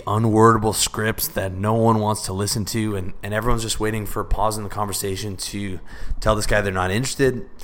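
A man giving a casual spoken lesson on sales pitching, talking bluntly and conversationally and swearing freely. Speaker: sales and self-improvement coach.

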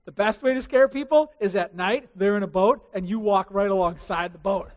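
A man preaching a sermon as pastor, telling the story in an animated way and asking the congregation questions. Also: high-pitched, moderate pace, big-room sound.

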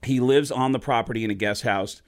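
Guy telling a wild story on a podcast, lively, voice shoots up when he gets excited, dry mic. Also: brisk, dry recording. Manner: animated, jumps into high excited voices when quoting people. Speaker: stand-up comedian, guest. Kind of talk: casual storytelling.

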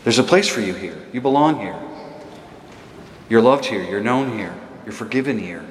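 A man's voice: lowish voice, expressive, normal speed, slight background noise. A man giving a homily in a conversational, storytelling way, chuckling now and then. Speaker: priest. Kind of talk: sermon. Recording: echoey church hall.

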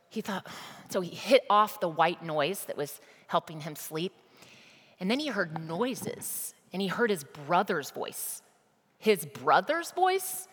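A woman's voice: lowish voice, fairly bright tone. A woman preacher giving a sermon, telling a story emphatically and addressing the congregation directly. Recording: long reverb of a large hall.

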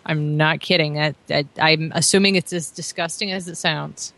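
A woman co-hosting a casual podcast, chiming in with quick reactions and laughter. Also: sits low, fairly even intonation, fairly bright tone, dry recording. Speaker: podcast co-host.

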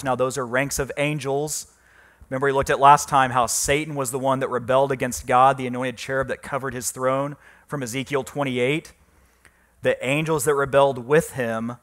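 A man pastor preaching a sermon, reading scripture and explaining it, getting louder and slowing down on the key words. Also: medium pitch, steady tone. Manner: emphatic preaching, rising loud on key phrases, slowing for stress.

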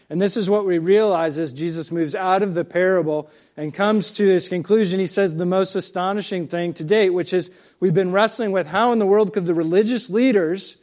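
A man's voice: a little high, a little mellow. A man preaching a sermon conversationally, with frequent fillers and asides of "right?". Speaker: pastor.

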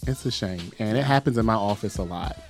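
A podcast co-host chats casually in a playful, teasing manner, laughing often. His lowish, darkish voice moves a little fast over soft background music.

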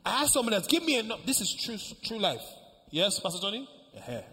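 A male pastor preaching a sermon, telling a story and acting out the dialogue, moving between hushed lines and loud ones. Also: high-pitched, big pitch swings, fairly quick, a little hiss or hum. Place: large church hall. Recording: echoey church hall with faint ambience.

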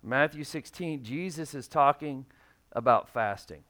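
A man delivering a sermon from the pulpit in a relaxed, conversational manner. His voice sits at a middle pitch, and he reads scripture aloud and sometimes acts out the people he quotes. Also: unhurried. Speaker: pastor.

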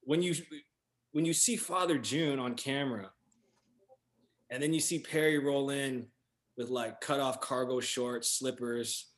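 A man, an actor guest, telling lively anecdotes in casual chat, slangy and full of "you know" and "man". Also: medium pitch, unhurried. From US, San Francisco Bay Area.

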